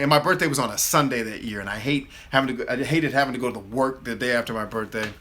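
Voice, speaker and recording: Man, thirties, casual storytelling, animated, bright voice. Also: medium pitch, fast, few pauses. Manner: animated, acts out his own replies in a louder voice. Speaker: host of a live Q&A.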